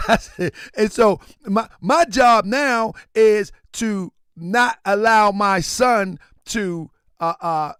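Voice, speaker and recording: A man's voice: sits high, takes it slowly, clear, resonant tone, no echo, studio quality. A man hosting a livestream, talking casually and preaching at times, often raising his voice. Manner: animated, preachy, shouting at times. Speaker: livestream host.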